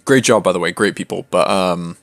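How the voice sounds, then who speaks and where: Laid-back young streamer, low voice. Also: male voice, fairly quick, vocal fry, a bit bright, dry recording, soft background music. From Canada. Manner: laid-back and slangy, swears freely. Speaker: gaming streamer. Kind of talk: casual late-night stream chat.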